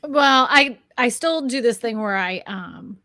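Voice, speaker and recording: A woman's voice: on the high side, lively intonation, measured pace, sharp tone, no room sound, clean studio sound. A woman co-hosting a casual chat, talking in a chatty, self-deprecating way and laughing often. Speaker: co-host, real estate agent and YouTuber.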